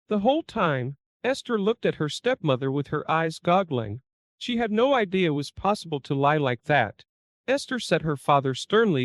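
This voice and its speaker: Male narrator, high and lively pitch, dry close sound, steady scripted story reading. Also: normal speed, no room sound.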